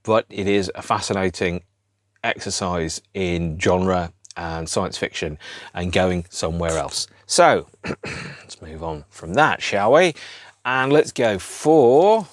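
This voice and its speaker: A man's voice: sits low, expressive, slow pace, dry recording. A middle-aged man, rambling through an unscripted solo podcast in a wry, self-deprecating way. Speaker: podcast host.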